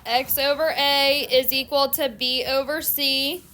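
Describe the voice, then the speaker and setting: A woman math teacher giving a classroom lecture, explaining steps in a steady, methodical way. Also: high-pitched, measured pace, a little hiss or hum.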